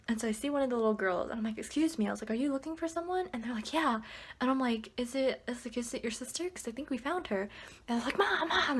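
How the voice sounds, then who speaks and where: A woman vlogging at home at night, casually telling a story full of "like" fillers and acted-out quotes. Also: a little high. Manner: chatty, frequent "like" fillers, animated quoted dialogue.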